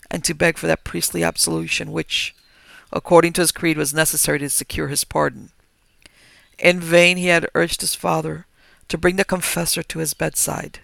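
Gravelly, bright-voiced male story narrator. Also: a little high, dry recording. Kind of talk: reading a story aloud.

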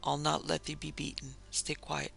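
A man voicing a gentle young Victorian mother in a storybook reading, speaking softly and tenderly. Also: fairly high pitch, monotone, moderate pace, creaky, slightly rough, faint music behind, heavily acted. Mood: soothing. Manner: soft, pleading, tender.

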